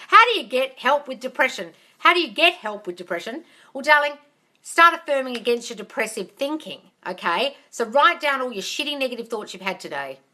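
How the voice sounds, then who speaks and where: Bright-voiced woman coaching on a live stream. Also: fairly high pitch. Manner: calls listeners "darling", casual swearing; upbeat, encouraging. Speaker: manifestation coach. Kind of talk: live-stream Q&A, reading viewer comments. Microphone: phone camera.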